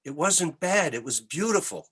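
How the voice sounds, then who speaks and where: An older Canadian man, a musician guest, telling animated anecdotes in an interview with many restarts. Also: on the high side, moderate pace, slightly rough. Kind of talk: storytelling interview.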